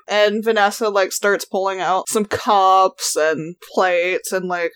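A woman's voice: medium pitch, flat delivery, slow, hardly any pauses, fairly bright tone, clear, resonant tone. A young woman playing in a tabletop game, chatting in a hesitant way with fillers as she describes her character. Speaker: player. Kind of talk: casual tabletop play.

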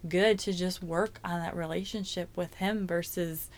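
A woman's voice: fairly low pitch, fairly even intonation, normal speed. A woman in her thirties, a guest in a faith-based conversation, speaking candidly and reflectively. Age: 30s.

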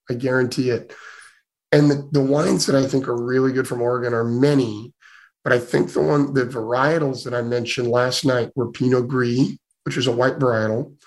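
A man with a hoarse voice hosts a casual conversation. He answers questions enthusiastically and confidently. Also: medium pitch, rough recording.

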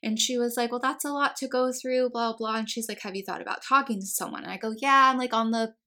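A woman's voice: fairly high pitch, steady tone, quick pace, sharp tone. A young American woman chatting casually, telling a long personal story and acting out the dialogue, with a lot of "like"s. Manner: chatty storytelling, acts out quoted dialogue, many "like"s. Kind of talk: casual chat.

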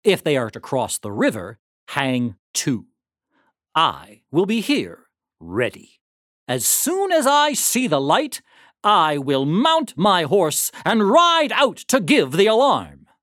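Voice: mid-range voice, huge pitch swings, slow pace, a bit bright, no echo, studio quality, heavily acted. A storybook reader voicing a determined colonial man planning a night ride, speaking in firm, urgent commands. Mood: resolute. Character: Paul Revere, determined colonial man rider. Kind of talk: storybook reading.

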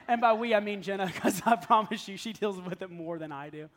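A man's voice: high-pitched, animated, fast, a bit bright. A man in his thirties preaching in a conversational, self-deprecating way, telling stories and often laughing. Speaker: pastor. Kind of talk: conversational sermon.

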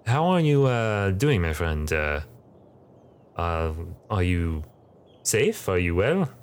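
A man's voice: low voice, big pitch swings, slow, clean tone, heavily acted. A man voicing a weary male goblin locksmith who grumbles and sighs about tourists, with a hesitant manner.

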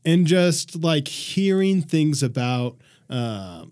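A man's voice: fairly high pitch, big pitch swings, takes it slowly, a little mellow. A young man co-hosting a podcast, talking casually and hesitantly with fillers. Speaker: podcast co-host.

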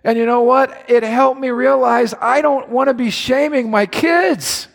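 A pastor preaching a sermon to his congregation, impassioned, his voice climbing higher when he is stirred. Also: measured pace, gravelly. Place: large church hall. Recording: reverberant church hall.

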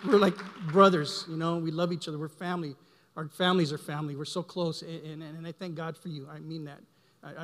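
A man's voice: sits high, a bit bright. Emotional man testifying in a reverberant church. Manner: halting, repeats words, emotional. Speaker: church minister giving a testimony. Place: church sanctuary. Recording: long hall reverb.

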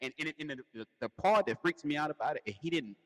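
A man's voice: on the high side, expressive, fast, a bit bright, long reverb tail. A man co-hosting a podcast in casual chat, speaking in with playful, laughing banter. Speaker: podcast co-host.

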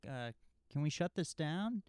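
A man's voice: a little high, expressive, measured pace, a little mellow, clear, resonant tone, dry recording, studio quality, pitched above the performer's own voice. A man voicing an anxious bearded man who pleads with stammering urgency. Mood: urgent pleading.

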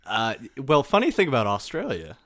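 A man in a casual podcast chat, dropping wry, deadpan jokes. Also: mid-range voice, moderate pace, no room sound, clean studio sound.

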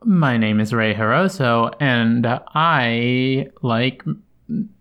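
A man's voice: mid-range voice, extremely slow, highs cut off. A man co-hosting a movie podcast, making playful jokes in casual chat. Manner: jokey, playful, deadpan silly answers. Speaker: podcast co-host.

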